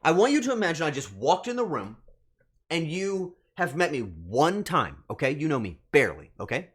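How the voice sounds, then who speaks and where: A man's voice: fairly high pitch, very animated, normal speed, slightly rough. A man streaming as a VTuber, telling a rambling story straight to his chat and swearing freely. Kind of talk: casual storytelling to live chat.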